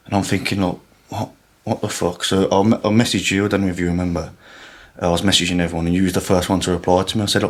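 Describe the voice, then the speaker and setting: A man's voice: low voice, flat delivery, racing. A young man talking casually on a podcast, rambling and swearing, with lots of fillers. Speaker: podcast guest. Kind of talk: emotional casual chat.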